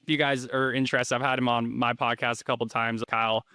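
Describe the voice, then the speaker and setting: Smooth-voiced rambling man, dry sound. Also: medium pitch, level tone, fast talker, sharp tone, no room sound. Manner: rambling, filler-heavy, restarts often. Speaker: interview guest, rental investor. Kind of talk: casual interview chat.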